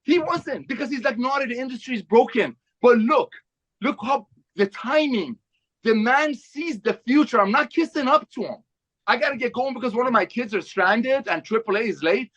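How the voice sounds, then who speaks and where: A high-voiced man delivers a fervent, rallying sales pitch, hammering the same phrases again and again. The sound is dull and lo-fi, as if over a video call. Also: expressive, moderate pace, a bit bright. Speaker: company co-founder speaking to members.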